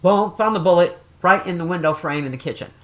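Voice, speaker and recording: A middle-aged woman chatting casually and telling stories, swearing often and jumping loud when she acts out quoted voices. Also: lowish voice, fast talker. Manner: profane, animated, acts out quoted voices loudly. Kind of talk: casual storytelling chat.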